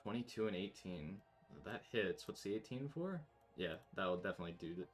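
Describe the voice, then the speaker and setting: Sarcastic low-voiced male player. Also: animated, fairly quick. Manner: sarcastic, joking. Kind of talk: casual game chat.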